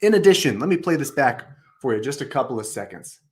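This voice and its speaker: A man's voice: mid-range voice, sing-song, fast. A man coaching customer service staff, upbeat, acting out sample phone phrases as he comments on recorded calls.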